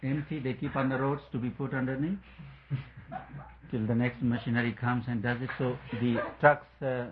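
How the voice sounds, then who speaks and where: A man delivers a spiritual talk, wandering off the point as he tells his story and chuckling along the way. His voice sits at an ordinary pitch. The audio is thin and phone-like, with a faint hiss. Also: flat delivery, moderate pace. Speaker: spiritual speaker. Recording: tinny phone-like line, faint noise.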